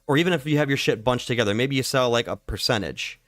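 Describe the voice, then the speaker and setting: This man hosts a live trading stream, talking fast in a medium, slightly bright voice. He keeps it slangy and profane, leaning on "dude" and "like." It's a dry, studio-quality recording.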